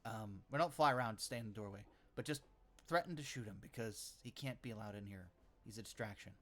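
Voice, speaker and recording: A man's voice: lowish voice, fairly quick, fairly bright tone. A man speaking as a player in a tabletop game, casual and hesitant, swearing now and then.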